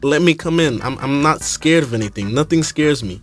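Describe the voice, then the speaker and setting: A man putting on a higher voice to mimic a clingy young girlfriend from a horror film, in a pleading, exaggerated way. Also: animated, a little fast, soft background music.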